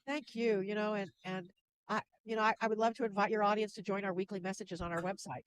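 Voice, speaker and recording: A woman guest who works as a spiritual channel, speaking gently and laughing softly between thoughts. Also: mid-range voice, steady tone, fast, low-quality recording. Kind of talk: casual interview chat.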